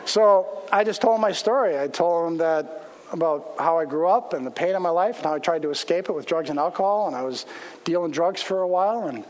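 A man's voice: a little high, brisk, darkish tone. A man, a pastor, telling a casual anecdote as part of a sermon in a church. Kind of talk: storytelling sermon. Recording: long hall reverb.

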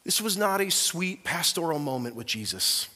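A man preaching a sermon as a pastor, earnest and emphatic, swinging from quiet to loud as he tells the story. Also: a little high, sing-song, moderate pace, long reverb tail.

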